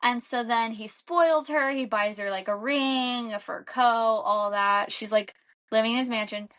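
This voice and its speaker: A young woman co-hosts a podcast in casual chat, loosely retelling a film with "like" as a filler throughout. She speaks at a measured pace in a fairly high, fairly bright voice.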